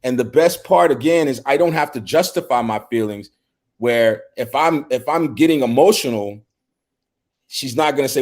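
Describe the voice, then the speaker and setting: A man's voice: a little high, lively intonation, measured pace, darkish tone. A middle-aged man on a men's talk show, speaking earnestly in casual conversation and often repeating words as he starts a thought.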